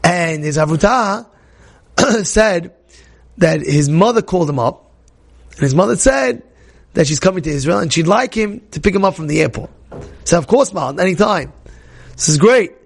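A young man tells a religious story to a class in a gravelly, rough-edged voice. He gets excitable, stumbles over repeated words and acts out the people he quotes. His voice sits a touch higher than most men's. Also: normal speed, long pauses. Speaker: Torah teacher.

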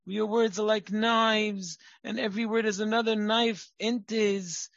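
A man voicing a panicking, overprotective parent in a loud, raised, dramatic voice. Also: sits high, flat delivery, measured pace, gravelly, no room sound, muffled recording, pitched above the performer's own voice, full character voice. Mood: alarmed.

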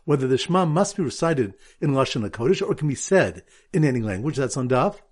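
Husky, lively-voiced rabbi teaching Talmud. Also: male voice, medium pitch, brisk. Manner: lively teaching voice, sing-song Aramaic reading. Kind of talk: Talmud lesson with memory aids and a quiz.

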